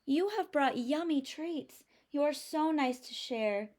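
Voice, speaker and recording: A woman voicing a gentle male bear in a read-aloud picture book, plaintive and sighing. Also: high voice, animated, slow pace, pitched above the performer's own voice. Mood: wistful. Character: gentle shy male bear feeling sorry he has nothing.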